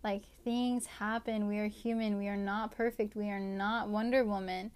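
A young woman, telling a personal story as a podcast host in a casual, faith-based way, with a steady stream of "like" and "right?". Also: mid-range voice, moderate pace. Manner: chatty, many fillers like "like" and "right?".

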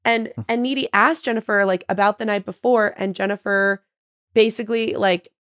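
A woman's voice: medium pitch, steady tone, normal speed, fairly bright tone, no room sound, clean studio sound. A woman guesting on a podcast in casual chat, retelling a plot with lots of "like" and restarts. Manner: chatty retelling full of "like" and restarts.

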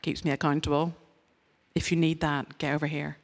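A woman's voice: deep voice, flat delivery, a little fast. A woman giving a conversational sermon as a church speaker, candid and self-mocking in her stories, earnest and direct in her appeals.

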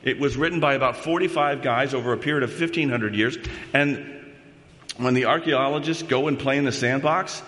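A man's voice: mid-range voice, brisk, fairly bright tone. A man preaching a sermon as a pastor, talking conversationally and often checking in with the congregation. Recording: long reverb of a large hall.

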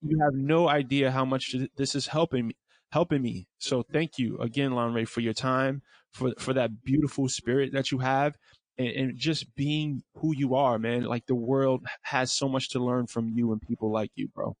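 A man's voice: mid-range voice, fairly even intonation, moderate pace. A man hosting a podcast, talking effusively with many stammered restarts and calling people bro. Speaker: podcast host. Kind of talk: casual podcast talk.

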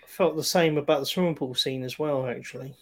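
A man's voice: mid-range voice, fairly even intonation, brisk. A man chatting casually about films on a remote call, rambling with many fillers and restarts.

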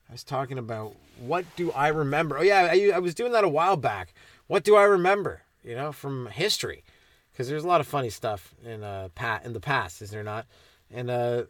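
On his comedy podcast, a man from Ontario, Canada, delivers a rambling, crude, ironic monologue that keeps interrupting itself. His voice is medium-pitched and a bit bright, with no echo.

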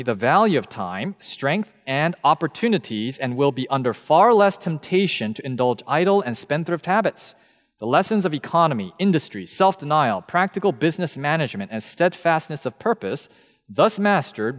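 Animated man preaching in a reverberant hall. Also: on the high side. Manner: animated storyteller who acts out quoted voices. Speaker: camp meeting speaker. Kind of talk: sermon with personal storytelling.

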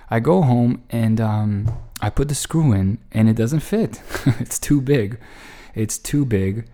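A man's voice: on the low side, unhurried. A man telling a long casual story to the camera, full of restarts and profanity, with an exasperated edge. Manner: rambling, profane, lots of restarts; exasperated, animated retelling. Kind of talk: casual anecdote monologue.

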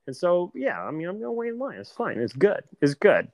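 A man's voice: high voice, wildly swooping pitch, a little fast, darkish tone, no room sound. A man co-hosting a podcast, chatting casually with dry, mock-serious jokes. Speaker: podcast co-host.

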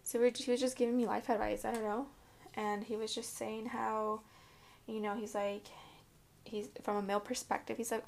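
A woman's voice: fairly high pitch, level tone, normal speed, vocal fry, darkish tone. A woman hosting a podcast in casual chat, rambling and swearing freely while getting ready at home. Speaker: podcast host. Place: indoors at home, curling hair.

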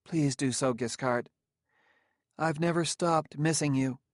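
A man's voice: a little high, measured pace, no echo, studio quality, pitched above the performer's own voice, lightly acted. A man voicing a proud, cold woman scientist with a sneering, imperious manner in an audiobook reading. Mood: warm.

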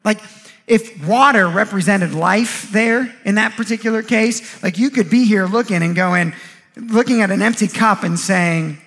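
Male pastor, strikingly high voice, laid-back conversational preaching that slips into quoted voices. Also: unhurried, pauses often, fairly bright tone. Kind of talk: sermon.

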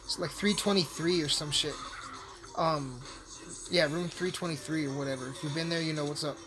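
A man's voice: on the high side, steady tone, normal speed, noisy background. A man telling a rambling story in a casual, profane way while playing a video game. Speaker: hotel worker telling a story. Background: music playing.

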